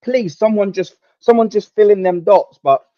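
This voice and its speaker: A man's voice: sits high, moderate pace, no echo. A young man hosting a live football watchalong, ranting to his chat in an exasperated, sweary, rambling way. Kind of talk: live match watchalong commentary and rant. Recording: dull, lo-fi dry home mic.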